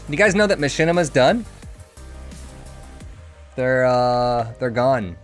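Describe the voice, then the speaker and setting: Man, game streamer, casual rambling chat, mid-pitched voice, swears casually, faint game music behind. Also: lively intonation, takes it slowly.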